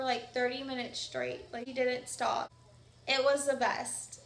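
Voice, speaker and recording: A woman's voice: on the high side, fairly bright tone. A young woman vlogger casually telling a personal story, chatty and full of "like" fillers. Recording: echoey room.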